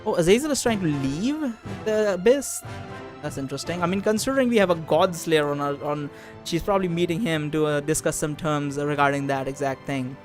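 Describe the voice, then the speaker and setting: A man's voice: a little high, brisk. Man casually reading a text game aloud. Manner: casual, hesitant, with fillers and restarts. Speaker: let's play host. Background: faint background music.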